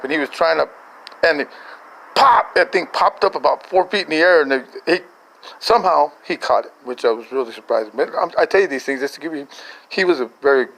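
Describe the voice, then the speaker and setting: A man's voice: medium pitch, fairly bright tone, poor audio. An older man, a grandfather, telling a family story in a casual voice message, rambling and chuckling through many restarts.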